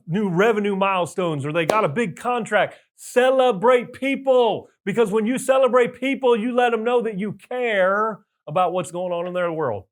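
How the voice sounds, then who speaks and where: A man giving a motivational talk to business owners, energetic with loud bursts of enthusiasm and emphatic repetition. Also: high voice. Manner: emphatic repetition of key points. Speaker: business coach.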